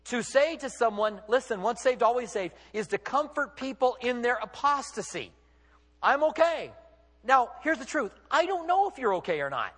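Male pastor, sermon delivery: high, expressive pitch, emphatic and questioning; long hall reverb. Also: normal speed. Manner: emphatic, rhetorical questions, acts out quotes.

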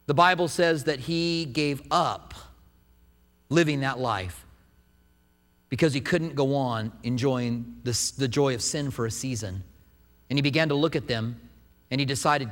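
A man preaching a sermon, retelling a scripture story with animated storytelling. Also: medium pitch, normal speed. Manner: animated storytelling, acts out quotes. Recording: echoey hall.

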